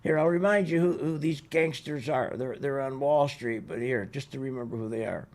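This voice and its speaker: A man's voice: medium pitch, normal speed, a little mellow. A man hosting a radio show, delivering sarcastic, ranting market commentary. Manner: ranting, sarcastic, mocks others in put-on voices.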